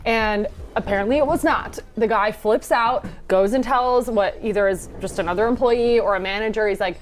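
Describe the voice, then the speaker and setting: A woman's voice: medium pitch, moderate pace, hardly any pauses. A woman co-hosting a casual chat podcast, telling a story and acting out the people in it. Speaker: podcast co-host.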